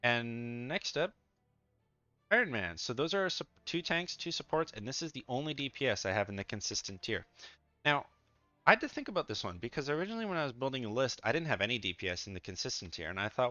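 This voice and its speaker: A man's voice: medium pitch, expressive, normal speed, sharp tone, lo-fi sound, soft background music. A man giving chatty, loose gaming commentary, thinking aloud with fillers and restarts, and sounding a bit sleepy. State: sleepy, yawning. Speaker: gaming content creator. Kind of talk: casual tier-list commentary.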